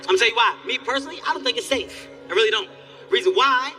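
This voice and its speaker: A man doing stand-up comedy on a live stage, telling stories in an animated, profane way. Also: very high voice, very fast, faint music behind. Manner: animated, loud storytelling with profanity.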